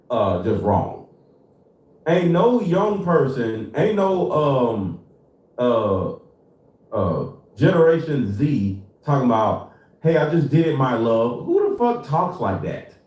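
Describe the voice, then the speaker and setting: A man's voice: medium pitch, very animated, slow pace, darkish tone, roomy sound, recorded from a distance, rough recording. A man hosting a livestream, ranting in disbelief and swearing often. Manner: profane, incredulous ranting. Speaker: host. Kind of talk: livestream commentary.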